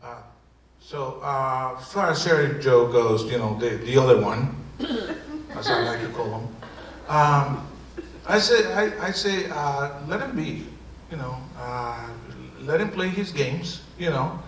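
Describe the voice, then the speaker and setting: A man's voice: mid-range voice, a little slow, close to an everyday voice. An actor playing a defensive, brash male immigrant comedian with a Spanish accent, rambling and stammering through a live improv bit. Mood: mocking. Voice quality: lively, rambling, stammering delivery. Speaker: improv performer. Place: theater stage before an audience. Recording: roomy hall, distant mic, loud noise.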